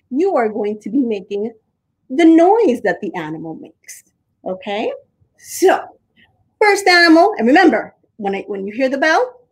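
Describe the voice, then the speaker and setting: A young woman leads small children through a creative drama warm-up, animated and sing-song, making playful animal noises. Her voice is high and husky, and the audio is poor.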